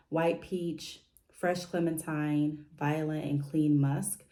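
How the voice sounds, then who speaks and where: A woman's voice: deep voice, flat delivery, slow pace, warm tone. A woman chatting casually in a home vlog, rambling a little with fillers and restarts as she talks through her picks. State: briefly out of breath after stairs. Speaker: vlogger.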